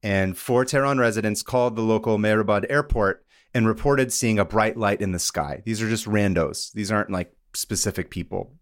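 A man's voice: on the low side, normal speed, few pauses, no echo, studio quality. A young man hosting a casual podcast chat, telling a story in a rambling way with frequent laughs and jokey asides. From Iran. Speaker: podcast host.

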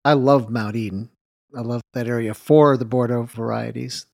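A man's voice: medium pitch, normal speed, gravelly, no room sound. Dry-sounding man telling a winery story. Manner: anecdotal, animated retelling of dialogue with light laughs. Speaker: winemaker guest. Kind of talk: storytelling interview.

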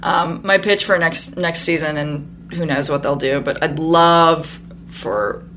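A young woman in casual podcast chat with a lowish voice, bubbly and quick, leaping up in pitch for quoted asides. A faint hiss sits under the recording. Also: a bit bright. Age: 20s. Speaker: podcast guest.

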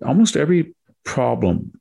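Older man, low gravelly husky voice, sardonic political commentary, rhetorical questions. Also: very animated, moderate pace, warm tone. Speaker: podcast host.

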